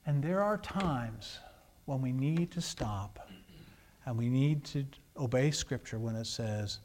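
A male pastor preaching a sermon, moving between hushed lines and emphatic, rising passages. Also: mid-range voice, slow pace.

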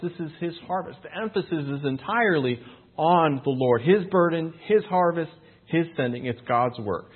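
A man with a husky, somewhat high voice preaches earnestly and emphatically, posing rhetorical questions and reading Scripture aloud. The recording sounds tinny, like a phone.

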